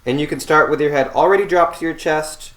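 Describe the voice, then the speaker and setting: A man teaching a seated voice warmup, giving slow, calm instructions between long sustained hums. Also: fairly high pitch. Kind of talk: guided voice warmup. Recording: roomy echo.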